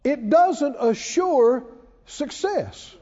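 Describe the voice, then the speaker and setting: A man's voice: very high-pitched, animated, extremely slow, dark tone, long reverb tail, muffled recording. A man preaching a sermon, asking the congregation questions and repeating key phrases for emphasis. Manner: preacherly call-and-response, emphatic repetition. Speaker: pastor.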